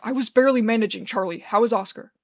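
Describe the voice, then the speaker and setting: A woman's voice: fairly high pitch, fast talker, darkish tone, natural voice. A woman voicing a harried, weary male bar owner who talks in tired, clipped lines, in a dramatic fanfiction reading. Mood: strained.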